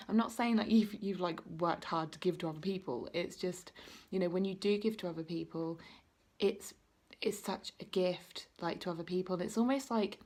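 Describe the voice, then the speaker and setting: A woman giving an intuitive card reading to her viewers. She talks in a chatty, rambling way, full of "like" and "you know", and she encourages the viewer directly. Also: fairly low pitch. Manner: encouraging, speaking straight to the viewer. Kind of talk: casual card-reading vlog.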